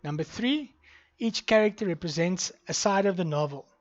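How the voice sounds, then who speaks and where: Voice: mid-range voice, lively intonation, moderate pace, lo-fi sound. A university lecturer gives a recorded online lecture. The lecturer explains step by step, reads punctuation marks aloud, and moves between Afrikaans and English.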